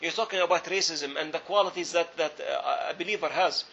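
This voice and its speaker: A man's voice: on the high side, a little fast, creaky, fairly bright tone, a little hiss or hum. A man preaching a sermon, telling a story earnestly and repeating phrases for emphasis. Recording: dull lo-fi recording.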